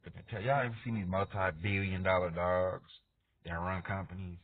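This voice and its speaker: A man rambling through an animated monologue, laughing often and jumping into squeaky voices for characters. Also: normal speed, no echo. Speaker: music artist talking to viewers. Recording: dry, tinny phone-like sound.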